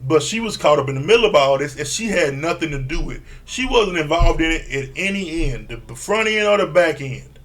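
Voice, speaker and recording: A man giving a casual, animated recap of a reality show, swearing freely and acting out what people said. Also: fairly high pitch, fairly quick, few pauses. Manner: animated, profane, acts out quotes. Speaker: reality TV reviewer.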